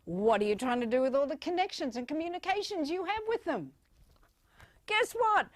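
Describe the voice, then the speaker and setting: A woman speaking as a keynote speaker, giving a playful, animated motivational talk and acting out little voices. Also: sits high, fast, slight background noise.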